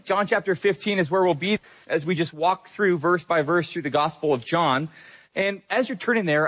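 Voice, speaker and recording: A man's voice: high-pitched, a bit bright. A man preaching a sermon as a pastor, earnest and conversational, with occasional fillers.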